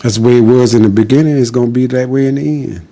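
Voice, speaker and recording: A man's voice: mid-range voice, fast talker, gravelly, warm tone. A man giving an impassioned, defiant monologue as a podcast guest, preaching in short repeated declarations.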